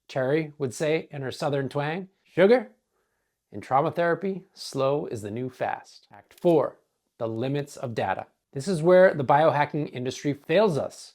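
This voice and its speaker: Hoarse guy coaching, slow deliberate narration, earnest pauses, mid pitch. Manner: measured, earnest, dramatic pauses. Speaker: wellness coach. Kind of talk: scripted narration.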